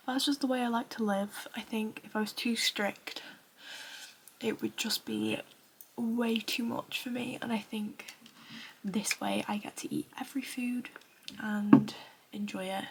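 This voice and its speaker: A young woman in her twenties with a Northern English accent, chatting casually in a tired, soft, half-whispered voice at home at night. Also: medium pitch, creaky, slight background noise. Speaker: running vlogger. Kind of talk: casual vlog chat.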